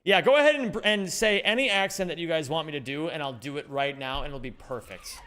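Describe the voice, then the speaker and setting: A man streaming a speedrun live, chatting with viewers in an animated, joking way and swearing casually. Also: a little high, brisk, a little hiss or hum. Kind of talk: live-stream chat while gaming.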